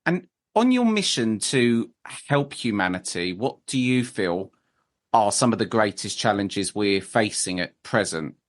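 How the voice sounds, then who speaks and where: A man hosts a podcast interview and asks his questions politely, often stumbling over his words. His pitch moves around a lot, rising and falling as he talks. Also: expressive, a little slow. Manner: hesitant, polite, with fillers and restarts. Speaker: podcast host.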